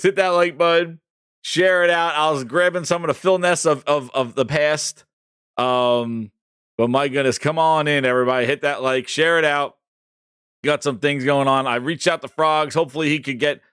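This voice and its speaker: A man hosting a casual gaming live stream, boisterous and swearing, reading out shout-outs to chat. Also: on the high side, clean tone, dry recording, clean studio sound. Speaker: livestream gaming show host.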